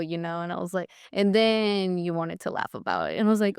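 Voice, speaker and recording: A woman's voice: on the low side, big pitch swings, brisk, vocal fry, a little mellow, smooth, no room sound, studio quality. A young woman talking with her father in a casual interview, telling stories in a chatty way and acting out what people said. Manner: chatty storyteller, acts out quotes, laughs often. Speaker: guest, daughter of the host.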